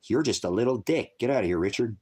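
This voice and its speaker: A man in his sixties rambling through a live-stream monologue, cursing freely and swinging between low mutters and loud rants. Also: lively intonation, fast talker, breathy edge. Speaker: livestreamer.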